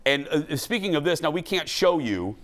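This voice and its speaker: A man's voice: on the high side, normal speed. A man hosting a talk show, chatting loosely about entertainment news with frequent restarts. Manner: animated and rambling, with frequent restarts. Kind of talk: casual entertainment news chat.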